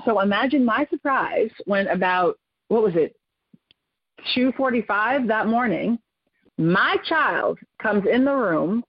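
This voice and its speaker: A woman in her forties, a podcast guest, telling a personal story in an animated, expressive way and jumping up in pitch as she acts out quotes. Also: unhurried, husky, dry recording. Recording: dull lo-fi recording.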